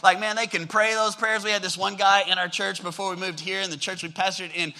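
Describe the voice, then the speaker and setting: A man's voice: sits high, level tone, a little fast, vocal fry, sharp tone, poor audio. A male pastor preaching a sermon with energy, drawing the congregation in with call-and-response prompts.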